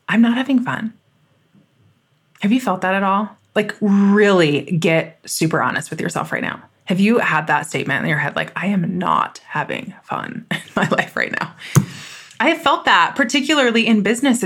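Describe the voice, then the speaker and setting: A woman's voice: on the low side, a bit bright. A woman in her thirties hosting a solo podcast, talking in an emphatic, fired-up and candid way. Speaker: podcast host.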